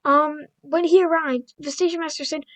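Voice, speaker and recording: Reading children's stories aloud, a woman video creator adds casual commentary, frequently tripping over words and stopping for blunt asides. Her high voice is steady and a bit bright at a normal pace, and the recording quality is poor.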